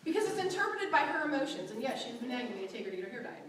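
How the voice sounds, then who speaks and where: Lady teaching bible class, high bright voice, lots of echo, mic kinda far. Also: racing, crowd noise. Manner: animated, acts out quotes, laughs often. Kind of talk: church class teaching, storytelling. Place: church classroom. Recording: very echoey room, mic far off.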